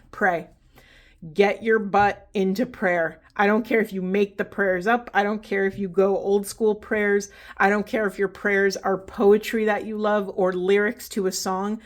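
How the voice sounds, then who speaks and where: A woman speaks to her viewers in an earnest, encouraging way, loose and rambling, with fillers and restarts. Her pitch sits in the middle for a woman. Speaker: spiritual reader and host. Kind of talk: casual spiritual talk to viewers.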